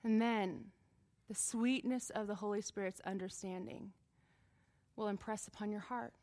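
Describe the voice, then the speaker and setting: A woman preacher giving a sermon to a live congregation in a church, conversational and joking, moving from quiet asides to emphatic passages. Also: mid-range voice, fairly even intonation, unhurried. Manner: jokes and laughs with listeners.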